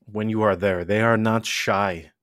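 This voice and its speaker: A man's voice: fairly low pitch, measured pace, no echo, clean studio sound. A man co-hosting a casual podcast, rambling through asides and restarts with emphatic energy. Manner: animated and emphatic. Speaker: podcast co-host.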